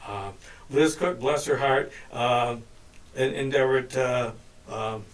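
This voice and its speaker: A man talking as a guest songwriter in a music studio, hesitant and halting, with many restarts. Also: mid-range voice, steady tone. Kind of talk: casual studio chat. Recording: distant mic with guitar playing behind. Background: guitar.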